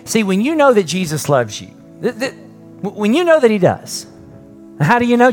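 Over soft background music, a middle-aged pastor with a high-sitting voice and huge pitch swings preaches at a moderate pace. Before a live congregation and an online stream, he talks conversationally, poses rhetorical questions, rises to emphatic points, and ends softly in prayer.

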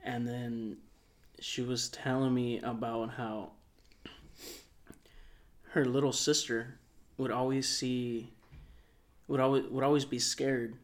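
A man telling a long story on a casual podcast, rambling and soft-spoken, with lots of filler words. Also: medium pitch, level tone, slow, pauses often. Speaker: podcast co-host.

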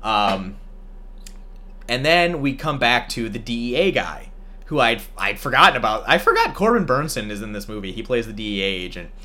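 Podcast host, man, bright tone, animated casual recap, laughs easily. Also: mid-range voice, normal speed. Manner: animated storytelling, laughs often. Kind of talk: casual movie recap chat.

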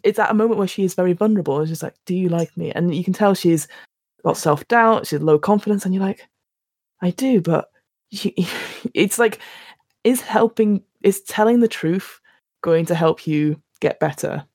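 Woman with a gravelly voice, telling stories animatedly. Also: on the low side, normal speed, no room sound, clean studio sound. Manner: animated storytelling, acts out quotes, restarts often. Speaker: podcast co-host reviewing films. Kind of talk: casual chat.

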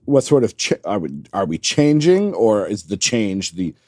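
Teasing podcast dude, self-deprecating, bouncy voice, super dry. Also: male voice, fairly low pitch, very animated, moderate pace, darkish tone, no echo. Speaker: podcast co-host. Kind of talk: casual podcast banter.

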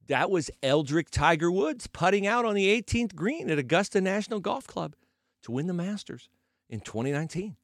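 A man's voice: high voice, lively intonation, moderate pace, fairly bright tone, dry recording, clean studio sound. A man hosting sports talk, arguing his point with rhetorical questions and sarcastic emphasis. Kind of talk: opinionated sports commentary.

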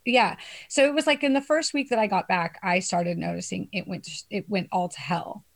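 A woman's voice: mid-range voice, moderate pace, gravelly. Swearing, laughing young woman telling a story. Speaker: storyteller among friends. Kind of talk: casual chat.

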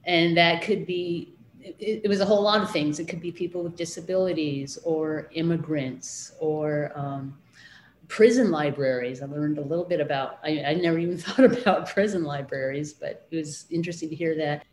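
A woman's voice: low-pitched, normal speed, echoey room, a little hiss or hum. A middle-aged woman, a children's librarian, recalling her studies in a casual interview, hesitant with many fillers and restarts.

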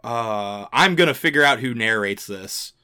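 A man co-hosting a podcast in relaxed casual chat, with frequent hesitations and fillers. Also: medium pitch, normal speed, clear, resonant tone. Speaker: podcast co-host.

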